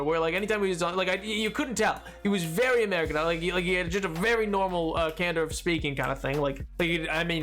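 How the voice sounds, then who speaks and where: A man with a high-pitched voice chats loosely while livestreaming a game. He rambles from thought to thought and breaks into laughter often, with faint music playing underneath. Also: fairly bright tone. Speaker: streamer.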